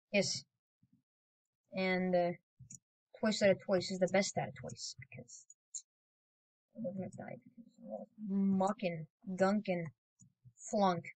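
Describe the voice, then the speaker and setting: Woman gamer narrating her game, rambly, keeps bursting out with loud yells, middle pitch. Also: rough recording. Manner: rambling and excitable, with sudden loud exclamations. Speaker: gaming video creator. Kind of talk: casual gameplay commentary.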